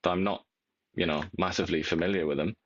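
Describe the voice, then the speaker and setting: Low-voiced man on dull, dry audio. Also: fairly even intonation, fairly bright tone, dry recording. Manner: reflective, measured, tag questions. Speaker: co-host. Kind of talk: political talk show commentary.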